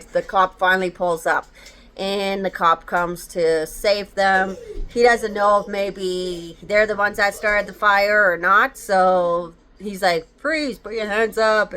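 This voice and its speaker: A woman with a smooth, clear voice recaps a horror book she just read. She talks casually and rambles, with lots of fillers along the way. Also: mid-range voice, bright, forceful tone. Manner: rambling retelling with likes and fillers. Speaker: book reviewer.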